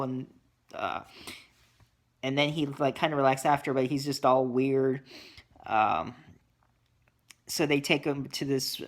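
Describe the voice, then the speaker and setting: A reviewer casually recapping a horror movie, dismissive and sarcastic, with many ums and uhs. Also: mid-range voice.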